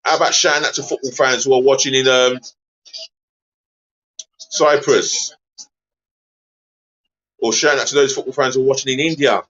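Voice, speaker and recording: A man hosting a live football watch-along stream, chatty and easily exasperated, giving viewers shout-outs. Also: medium pitch, steady tone, moderate pace, pauses often, lo-fi sound.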